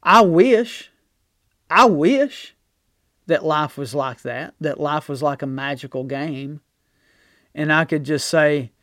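A male pastor preaching a sermon, telling folksy stories and swinging from loud to soft. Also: fairly high pitch, level tone, unhurried, dry recording, studio quality. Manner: folksy storytelling with big swings in loudness.

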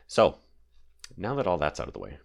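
A man's voice: low-pitched, huge pitch swings, fairly quick, vocal fry. A man with a sore throat hosting a casual solo podcast from his home basement, rambling with lots of fillers and digressions. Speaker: podcast host.

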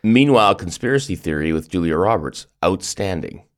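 Brief: male podcast host, fairly low voice with lively swinging pitch, jokey, stammers through restarts. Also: fairly quick. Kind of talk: casual chat.

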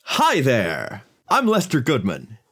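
A man's voice: mid-range voice, wildly swooping pitch, slow pace, fairly bright tone, breathy edge, full character voice. A man voicing a grinning, friendly middle-aged male antiques dealer who talks in a cheery, overly pleasant way.

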